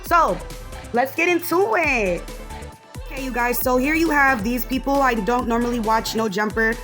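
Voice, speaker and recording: A woman's voice: fairly high pitch, moderate pace, over music. A woman hosting a podcast, giving frank, chatty reaction commentary on a video and dropping in a few Spanish phrases.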